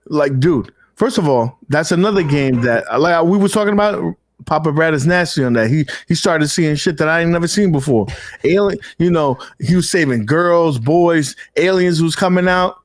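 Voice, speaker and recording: A man's voice: on the high side, expressive, moderate pace. Slangy, loose-talking podcast host man. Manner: loose, slangy, lots of fillers. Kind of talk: casual podcast chat.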